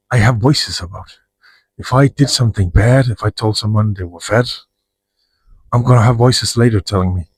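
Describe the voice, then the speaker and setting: A husky, darkish medium-pitched man's voice comes through a rough recording with no echo. The vlogger gives a frank personal monologue to camera, rambling and swearing and frequently starting over.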